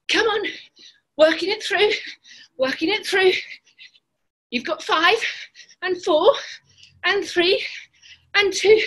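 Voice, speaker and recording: A woman's voice: extremely high pitch, a bit bright, rough recording. A woman fitness coach leading a live workout over a video call, counting reps and cheering people on, a little out of breath. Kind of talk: live online workout class.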